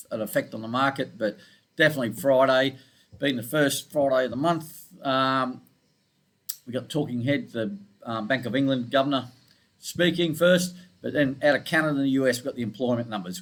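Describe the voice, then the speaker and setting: A man's voice: medium pitch, vocal fry. A man from Scotland with an Australian accent, walking through his trading charts in a laid-back, informal and self-deprecating way. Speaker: forex trading analyst. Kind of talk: casual screen-share market walkthrough.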